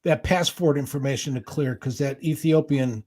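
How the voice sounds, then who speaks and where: A man's voice: medium pitch, normal speed, darkish tone. A man in casual talk-show banter, cracking jokes and offering sympathy. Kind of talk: casual radio-style chat.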